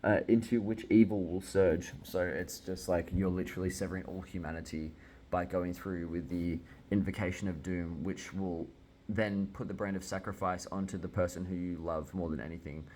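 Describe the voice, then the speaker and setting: A manga reviewer with a deep, low voice reacts his way through a chapter in a loose, casual style, getting worked up quickly and swearing freely. There's a little hiss or hum in the recording.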